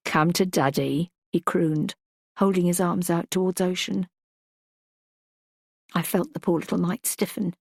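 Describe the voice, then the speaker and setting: A woman narrating a first-person audiobook in a measured, reflective way. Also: on the low side, vocal fry, darkish tone, no echo, clean studio sound.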